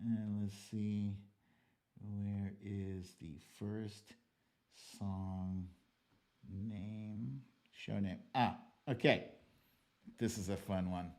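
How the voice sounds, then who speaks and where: A man's voice: on the low side, extremely slow, long pauses. An American man hosting a political livestream, ranting in a casual, profane way and reading viewer comments. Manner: animated, profane, ranting with loud outbursts. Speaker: livestream political show host.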